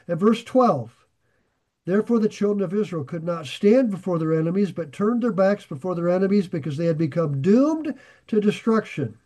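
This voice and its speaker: A man's voice: high voice, big pitch swings, unhurried, darkish tone. A middle-aged man preaching, reading scripture aloud and paraphrasing it in plain everyday words. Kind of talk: Bible teaching sermon.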